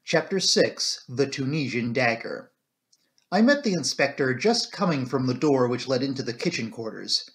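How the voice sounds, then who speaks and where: A man's voice: mid-range voice, lively intonation, moderate pace, fairly bright tone. Man narrating a mystery audiobook. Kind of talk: first-person storybook narration.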